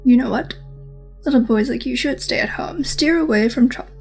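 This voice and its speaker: A woman voicing a weary, suspicious male police officer with a Russian accent, asking slow, probing questions. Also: a little high, creaky, darkish tone, soft background music.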